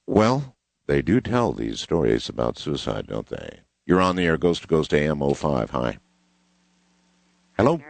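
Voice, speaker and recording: A very deep-voiced man hosts a late-night call-in radio show. His pitch swings widely as he reacts to callers. The sound is dry and close. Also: big pitch swings, unhurried, creaky, pauses often, no room sound. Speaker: radio talk show host.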